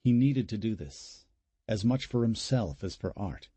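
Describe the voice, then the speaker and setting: A man narrating a horror audiobook in a measured, even storytelling manner. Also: on the low side, slightly rough, no room sound. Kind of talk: scripted narration.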